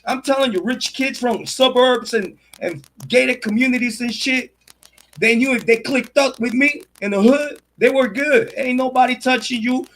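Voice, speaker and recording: A very high, slightly bright male voice at normal speed comes through a low-quality recording with slight background noise. The Puerto Rican host of a true crime and sports commentary show delivers a casual livestream monologue, bragging about himself in swaggering street slang.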